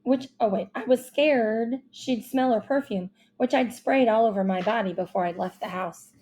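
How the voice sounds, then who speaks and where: A woman reading a first-person children's novel aloud with expressive, youthful storytelling. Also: on the high side, normal speed, hardly any pauses, a little hiss or hum. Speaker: audiobook narrator.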